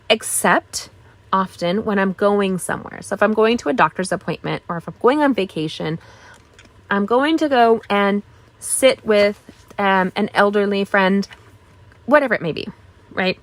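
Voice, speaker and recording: A woman's voice: mid-range voice, measured pace. A middle-aged woman hosting a live craft stream, chatting casually, greeting viewers and showing supplies with enthusiastic asides. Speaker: craft channel host.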